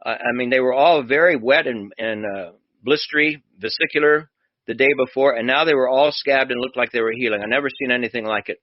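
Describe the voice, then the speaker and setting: A man's voice: medium pitch, a little fast, dry recording. Man, doctor radio host, chatty storyteller, dry dull lo-fi audio. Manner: conversational, acts out dialogue in his stories. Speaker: doctor hosting a radio show.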